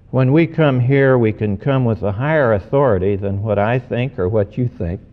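A man, a pastor, giving an earnest sermon, slowing down to stress key words. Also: fairly low pitch. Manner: measured, earnest preaching with slowed emphasis. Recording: dull recording with long hall reverb.

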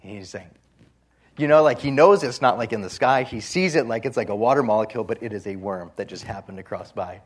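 Speaking briskly in a fairly low pitch, a man retells a Gospel narrative during a sermon. He swings dramatically between loud and soft and gives voice to the story's people.

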